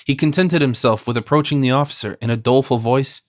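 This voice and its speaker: A man narrating a classic novel as an audiobook, in a measured, expressive reading. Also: medium pitch, no echo, clean studio sound.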